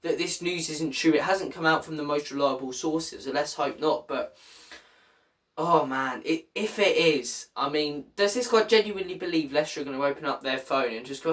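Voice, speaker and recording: A man's voice: moderate pace, recorded from a distance. A man hosting a football fan channel, ranting angrily with exasperated outbursts. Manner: angry, exasperated, swings from low mutter to loud outbursts.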